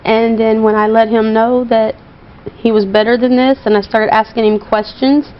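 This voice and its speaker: A woman telling her story as an interview guest, earnest and halting, with many pauses and fillers. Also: on the high side, little pitch movement. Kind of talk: emotional personal account. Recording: dull broadcast audio.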